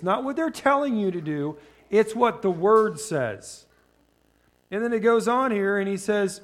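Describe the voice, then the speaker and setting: A man preaching a sermon in a conversational way. He asks the congregation questions and slows down when reading scripture. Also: sits high. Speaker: pastor.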